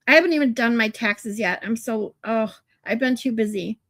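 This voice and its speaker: A woman's voice: fairly high pitch, moderate pace, fairly bright tone, dry recording. A woman hosting a casual livestream, talking to her chat in a chatty way and laughing easily. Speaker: livestream host.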